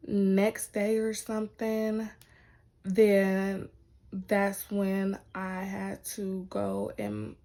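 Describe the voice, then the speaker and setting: A woman vlogger talking straight to her viewers in relaxed storytelling mode. Her speech is loose and chatty, full of "like" and "y'all". Her voice sits at a middle pitch. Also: creaky. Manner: chatty, heavy use of "like" and "y'all". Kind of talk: casual storytelling to camera.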